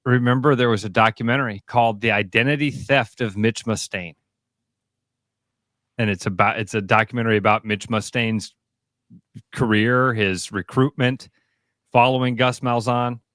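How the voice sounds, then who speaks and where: A man's voice: mid-range voice, steady tone, normal speed, a bit bright, no room sound. Midwestern male co-host, punchy and repetitive, preaching takes, dry studio. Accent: American Midwest. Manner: emphatic, repetitive, preachy riffs. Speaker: sports radio co-host. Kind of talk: opinionated sports talk. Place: radio studio.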